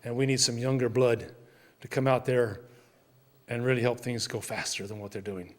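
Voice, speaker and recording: A man's voice: mid-range voice, flat delivery, moderate pace. An older man, a missionary speaker, telling an earnest mission story in church with emphatic repeats. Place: church sanctuary. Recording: long church reverb.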